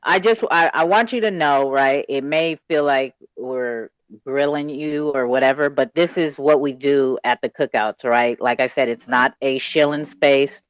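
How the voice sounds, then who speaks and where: A man hosts an online call with a smooth, clear voice, pressing guests with pointed questions. The call audio is slightly dull and dry. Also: mid-range voice, measured pace, few pauses, dry recording. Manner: probing, direct, frequent "right?" tags. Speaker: host of a crypto community call.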